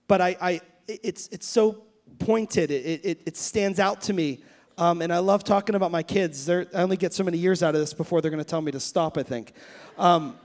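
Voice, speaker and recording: A man in his thirties preaches a sermon in a notably high voice. He tells stories in a loose, self-interrupting way, often restarting his sentences. He then rises into fervent, emphatic preaching. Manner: anecdotal storytelling with many restarts. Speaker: pastor.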